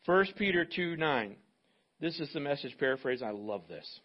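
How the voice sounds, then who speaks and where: A man preaching a sermon as pastor, animated and acting out little dialogues in different voices. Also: medium pitch, moderate pace, breathy edge, dull audio.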